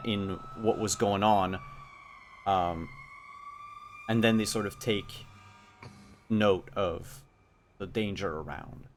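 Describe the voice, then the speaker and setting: A man narrating as game master of a tabletop game, measured and thinking aloud with frequent ums. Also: lowish voice, a bit bright, slight background noise.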